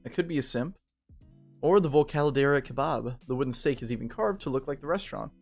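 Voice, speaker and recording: Drunk gamer guy, gravelly, swears a lot, loose rambling chat, soft guitar music under him. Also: medium pitch, brisk. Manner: rambling, profane, tipsy and joking. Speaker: game streamer. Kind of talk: casual let's-play commentary, reading game text aloud.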